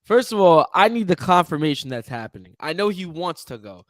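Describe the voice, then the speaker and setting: High-voiced young man, animated sports talk. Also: a little fast, no echo, studio quality. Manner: animated, rambling, self-interrupting. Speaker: podcast co-host. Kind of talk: casual sports chat.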